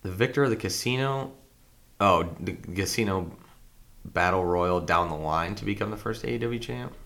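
A man reading out a list of matches to friends, halting over the names. His voice is low and bright with a forceful edge. The talk is casual and laid-back. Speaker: podcast co-host reading out the card. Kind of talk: casual chat among friends.

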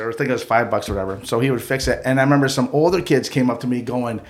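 Animated man telling a casual story. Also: mid-range voice, rapid-fire, hardly any pauses, slight background noise. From Mohawk community of Akwesasne. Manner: animated, acts out the people in his stories. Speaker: podcast co-host telling a story.

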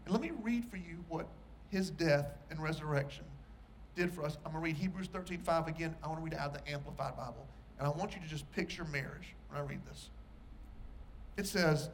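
Male preacher, sermon, earnest storyteller, emphatic, voice a touch high. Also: brisk.

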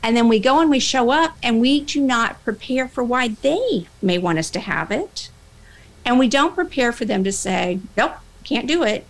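A woman workplace trainer giving a motivational talk, animated, acting out both sides of the conversations she tells. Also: a little high, moderate pace, poor audio. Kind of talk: motivational talk with acted-out dialogue.

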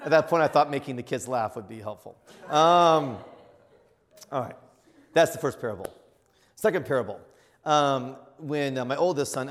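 A middle-aged man preaching as a bishop, telling a funny story with laughter and acted-out voices. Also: mid-range voice. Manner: animated, laughing, acts out voices. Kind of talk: storytelling sermon. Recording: reverberant hall.

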